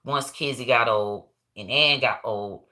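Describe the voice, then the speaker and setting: Low-voiced, bright, profane woman storyteller. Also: a little slow. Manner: animated, profane, laughing often. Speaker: comedy show host. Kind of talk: casual storytelling rant.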